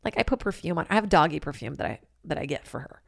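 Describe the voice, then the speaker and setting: A woman's voice: low voice, lively intonation, quick pace, vocal fry, dry recording. Woman, solo comedy podcast host, rambling, profane, dry close sound. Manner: rambling and profane, switches into loud acted-out quotes.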